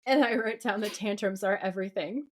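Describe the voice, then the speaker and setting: A woman co-hosting a podcast in casual chat, animated and often laughing as she retells scenes. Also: medium pitch, a little fast. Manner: animated, laughing while reading lines aloud. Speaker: podcast co-host.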